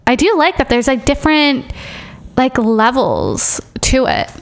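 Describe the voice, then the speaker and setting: A young woman chatting casually as she streams a life-simulation game, excitably telling her characters what to do. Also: high-pitched, unhurried. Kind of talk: casual gameplay commentary.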